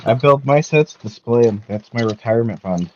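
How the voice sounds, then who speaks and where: A Canadian man with a Canadian accent, chatting in a loose, joking way and laughing often. His voice sits in an ordinary middle range. It comes through a dull, muffled line with steady noise behind it. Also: medium pitch, moderate pace. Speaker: guest. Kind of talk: casual chat on a livestream. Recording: muffled call audio with clear background noise.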